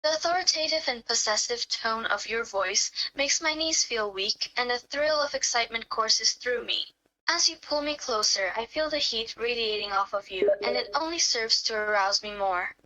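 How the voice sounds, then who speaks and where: A smitten young woman, soft and a little quavering, voiced by a woman in a bright, slightly high voice. The reading is a first-person fan role-play. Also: moderate pace, highs cut off.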